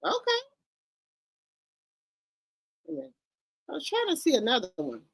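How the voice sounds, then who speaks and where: A woman chats through celebrity gossip straight to her viewers, her fairly high voice swinging wildly between shocked highs and low asides. She reacts with loud, blunt disbelief and swears freely, and the sound is close and dry. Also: wildly swooping pitch, fairly quick, no room sound. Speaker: gossip channel host. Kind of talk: casual celebrity gossip commentary.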